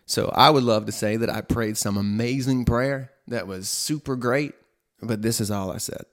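A man's voice: medium pitch, normal speed. A young man casually telling a personal faith story, chatty and self-mocking, filling his talk with "like" and "right?". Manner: chatty, with frequent "like" and "right?", laughing at himself. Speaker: storyteller sharing a faith testimony.

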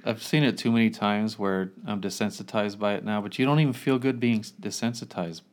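A man's voice: lowish voice, steady tone, brisk. Earnest man in a casual chat. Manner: earnest, repeats words when starting a thought. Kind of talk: casual film discussion.

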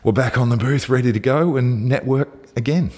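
A man's voice: mid-range voice, fairly quick, dark tone, a little hiss or hum. A man co-hosting a casual podcast, chatty and easygoing, with lots of ums and restarts. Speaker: co-host.

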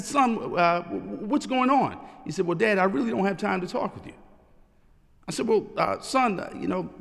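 A middle-aged man preaching a sermon in a measured preaching cadence that rises and slows for emphasis, recorded in a large church sanctuary. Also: very high voice, fairly bright tone, long reverb tail. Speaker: pastor.

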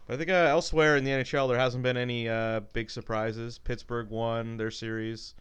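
A man's voice: mid-range voice, little pitch movement, fairly quick, a bit bright, clean tone. A man co-hosting a podcast, chatting casually about sports with dry, self-deprecating jokes. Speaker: podcast co-host. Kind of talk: casual chat.

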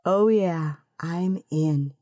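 A woman voicing an excitable young female friend who talks loudly and eagerly in a storybook tale. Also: fairly low pitch, drawn-out words, no echo. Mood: cheerful. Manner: excited, breaks into loud exclamations and whispers.

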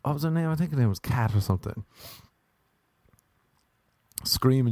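A young Irish man telling a rambling, animated story. He laughs and jumps up in pitch for emphasis. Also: normal speed, no room sound. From Ireland. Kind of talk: casual storytelling monologue.

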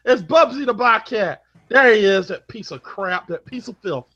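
Man, bright sharp voice, lively pitch, comedic ranting, repetitive, yells, lo-fi mic. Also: moderate pace. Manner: exaggerated, ranting, repetitive, bursts into yelling. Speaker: panel contestant. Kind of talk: comedic rant.

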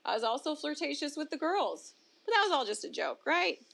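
Woman guest telling her story on an interview: candid, expressive, high-ish voice. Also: brisk, gravelly. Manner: expressive, swings pitch up for emphasis, laughs between points. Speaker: interview guest, ministry founder. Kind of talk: candid personal testimony in conversation.

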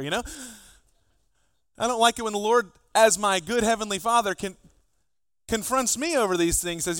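A man, a pastor, preaching a sermon, animated and acting out exchanges with his children. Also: high-pitched, moderate pace, long pauses, clean tone, no echo, clean studio sound. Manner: animated, acts out dialogue with his kids.

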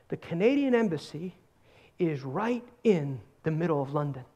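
A man preaching a sermon, emphatic, repeating words for stress and swinging between loud bursts and hushed asides. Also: on the high side, big pitch swings, normal speed, breathy edge.

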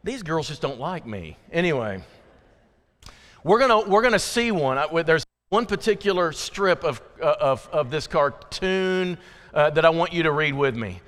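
Man, preacher, high-pitched voice, conversational sermon, long church reverb. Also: a bit bright. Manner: conversational, folksy preaching with asides to the congregation. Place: church sanctuary.

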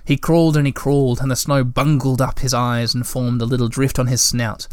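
A man reading a children's storybook aloud in measured, gentle audiobook narration. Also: mid-range voice, little pitch movement, no echo, studio quality.

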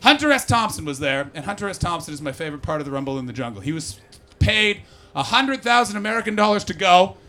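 Bright-voiced, profane man doing stand-up. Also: high voice, fast talker, faint music behind. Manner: profane, animated, crowd-teasing. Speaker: stand-up comedian. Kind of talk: stand-up comedy set. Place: comedy stage before a live audience.

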